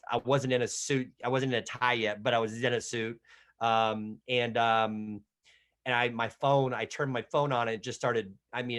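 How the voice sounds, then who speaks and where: A man's voice: medium pitch, a bit bright. Stuttering middle-aged man telling a story. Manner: stutters, with repeated starts; casual storytelling, acts out what others said. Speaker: head softball coach. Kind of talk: media availability, telling a story.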